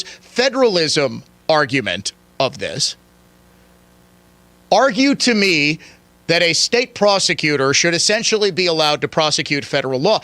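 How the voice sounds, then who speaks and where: A man's voice: sits high, pushed and bright, dry recording. A man hosting a radio talk show, delivering a heated, combative political monologue. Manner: fiery, combative, challenging the listener.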